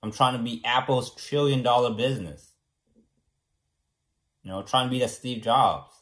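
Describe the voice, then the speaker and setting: With a mid-range, fairly bright voice at a moderate pace, this young man from California chats casually to the camera. As a vlogger he rambles self-assuredly and keeps asking "right?" after his points.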